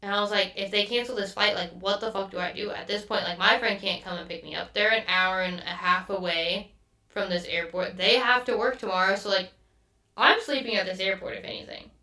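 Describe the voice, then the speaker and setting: A woman's voice: mid-range voice, fairly quick, pushed and bright. A woman hosting a podcast, telling a story in a casual, exasperated rant and swearing often. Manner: exasperated, swears a lot, quotes others mid-story. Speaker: podcast host. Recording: echoey room, mic at a distance.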